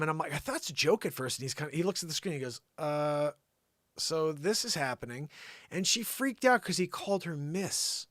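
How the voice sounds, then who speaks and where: Here a livestream host, a middle-aged man, talks in an easygoing, meandering way, lively and prone to slipping into impressions. He speaks on the high side and a little fast, with no echo and studio-quality sound.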